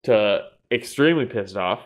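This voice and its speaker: Animated, laughing male podcast co-host. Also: fairly low pitch, moderate pace. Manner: animated storytelling, laughing and swearing often. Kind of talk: casual sports podcast chat.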